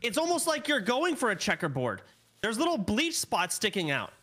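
A man's voice: sits high, huge pitch swings, pushed and bright. A man bossily giving profane instructions on a live stream. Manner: bossy, profane, rapid-fire instructions. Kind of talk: casual live-stream chat.

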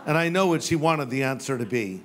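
A man's voice: medium pitch, lively intonation, brisk. An older man, a pastor, delivering a sermon with humorous storytelling and playful quoted voices. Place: church sanctuary with live audience.

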